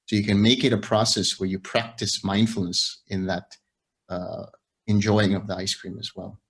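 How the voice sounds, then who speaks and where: Calm, low-voiced male meditation teacher. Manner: patient, measured, builds on examples step by step. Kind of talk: calm explanation of practice.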